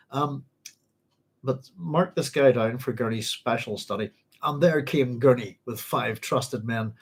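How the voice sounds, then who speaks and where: A Northern Irish man hosting a book club, reading passages aloud and chatting about them in a rambling way full of ums and restarts, with a cough now and then. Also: medium pitch. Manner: rambling, halting, with frequent ums and self-corrections.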